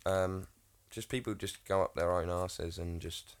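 Young English guy, very deep voice, blunt and sweary, podcast co-host banter. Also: fairly even intonation, a little slow, smooth. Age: young adult. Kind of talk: casual chat.

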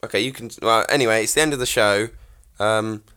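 A man's voice: lowish voice, fairly quick, pushed and bright, a little hiss or hum. A man co-hosting a podcast, teasing his co-host with crude humour and laughing often in casual chat.

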